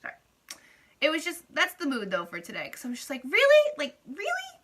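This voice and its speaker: A young woman venting in a casual vlog, chatty and animated, peppering her talk with "like" and acting out quoted lines. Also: on the high side, fast. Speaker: beauty vlogger.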